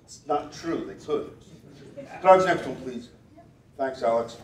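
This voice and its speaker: Picked up from afar in a spacious gala event hall, this stage performer has a mid-range voice and a moderate pace. He reads the body language of audience volunteers, teases them with dry asides, and chants commands over and over.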